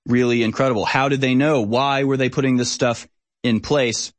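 A man's voice: medium pitch, steady tone, normal speed. A man hosting a political commentary show, talking in an emphatic, sarcastic way. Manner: sarcastic, emphatic, mocking laughs. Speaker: host.

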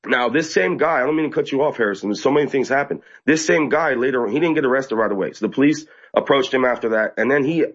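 A man telling an interviewer an animated, excited account, often mimicking people in high, squeaky voices. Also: muffled recording. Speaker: activist guest. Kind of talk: casual storytelling interview.

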